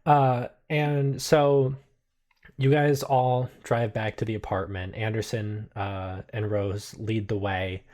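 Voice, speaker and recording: A man narrating a tabletop game as game master, unhurried and full of filler words. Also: lowish voice, fairly even intonation, a little mellow.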